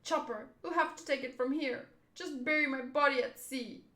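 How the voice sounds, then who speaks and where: A woman's voice: sits high, moderate pace, fairly bright tone, reverberant. A woman voicing a boastful young male sharpshooter with a showy manner. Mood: dramatic.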